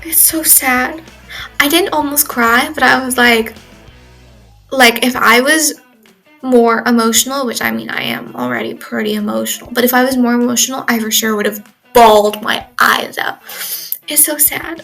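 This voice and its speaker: This rough recording captures a sixteen-year-old exchange student rambling in a casual video diary from her bedroom, leaning heavily on "like" and "um." Her voice is on the high side and fairly bright.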